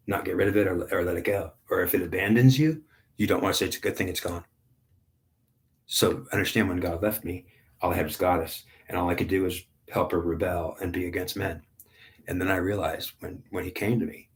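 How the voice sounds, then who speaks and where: Man, 50s, low voice, spiritual reader, intense and repetitive with halting restarts. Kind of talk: spiritual monologue.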